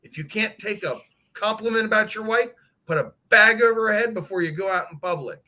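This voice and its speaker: Male guest, high bright voice, crude rowdy raconteur for a casual stream. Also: a little fast, poor audio. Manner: profane, animated storyteller. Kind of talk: casual chat.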